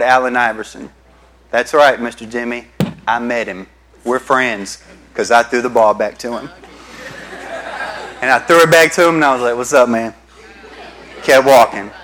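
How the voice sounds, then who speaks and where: A man's voice: fairly high pitch, fairly bright tone, poor audio. A male pastor, preaching a sermon and telling stories to the congregation. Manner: storytelling, addresses the congregation as y'all.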